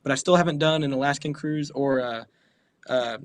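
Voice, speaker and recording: A man's voice: a little high, moderate pace, no echo. A young man from the American South chatting as a guest, easygoing and often laughing. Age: young adult. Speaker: guest musician. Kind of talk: casual interview chat.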